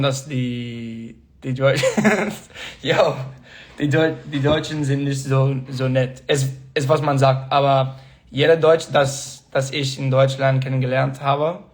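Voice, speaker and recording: A man's voice: mid-range voice, steady tone, measured pace. A young man in casual livestream chat, reading fan comments aloud, laughing often and hopping between languages as he answers. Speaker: actor answering fans.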